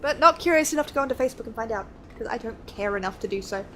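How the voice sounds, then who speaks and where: A woman's voice: a little high, animated, racing, a bit bright, slight background noise. A young woman streaming a game, chatting casually and rambling, laughing often. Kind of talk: casual gameplay chat. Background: faint game music.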